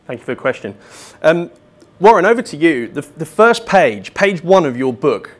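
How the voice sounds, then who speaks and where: A man's voice: fairly high pitch, very animated, moderate pace. A man moderating a panel Q&A at a business event, upbeat and casual, with frequent fillers. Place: large hall at a business event.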